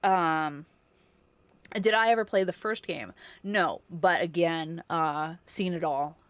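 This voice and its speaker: A woman's voice: fairly low pitch, slow pace, dry recording. A woman livestreamer chatting casually with her viewers, effusive and chatty, full of filler words and laughs.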